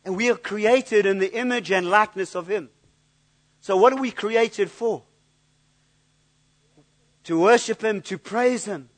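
High-voiced man preaching a sermon. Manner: earnest, repeats words when searching for them. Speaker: pastor.

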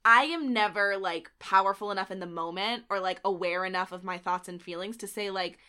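A young woman co-hosting a podcast, excitedly recapping a reality show in casual chat, with lots of "like". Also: mid-range voice, brisk, clean tone. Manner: excited, gushing, heavy use of "like". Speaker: podcast co-host.

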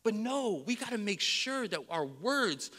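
A male pastor preaching with a very high, sharp-edged voice. He tells everyday stories with lively swings in his delivery and often laughs at his own faults. His tone stays frank and personal. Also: measured pace. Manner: candid, self-deprecating, laughs at himself; storytelling with animated vocal swings. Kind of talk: sermon.

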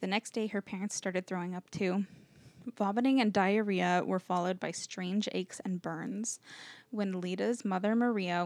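A woman co-host reads her researched notes aloud in a steady, earnest way to her friends. Her voice sits at a middle pitch, and the recording is dry and close. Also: no room sound. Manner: earnest, uses "like" when chatting. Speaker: podcast co-host. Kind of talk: reading researched notes to co-hosts.

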